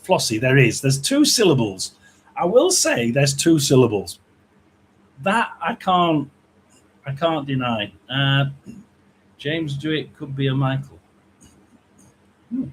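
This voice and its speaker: A middle-aged man talks loosely and casually to his livestream viewers, rambling from one thought to the next. His voice sits a little high for a man. A faint hum runs behind him. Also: sing-song, slow, pauses often, poor audio. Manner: rambling, chatty, reads out viewer names. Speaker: psychic livestream host.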